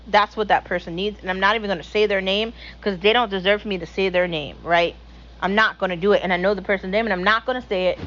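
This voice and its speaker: A woman's voice: mid-range voice, steady tone, fast, a bit bright, lo-fi sound, a little hiss or hum. A young woman hosting her own show, ranting bluntly and profanely in a casual opinion monologue. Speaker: podcast host.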